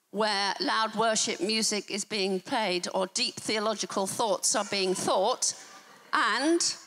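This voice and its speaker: A woman's voice: mid-range voice, fairly bright tone. A woman preaching a sermon in a church, emphatic and teacherly, with wry asides. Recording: church hall reverb.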